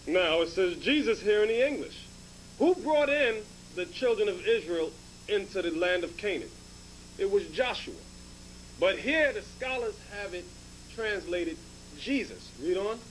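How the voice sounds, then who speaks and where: A high-pitched man leads a Bible lesson as bishop, explaining each passage step by step. He keeps returning to his point and cues a reader with short commands. A faint hum sits under the recording. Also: lively intonation, measured pace, low-quality recording. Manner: explanatory, repeats points, prompts "read". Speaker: bishop teaching scripture.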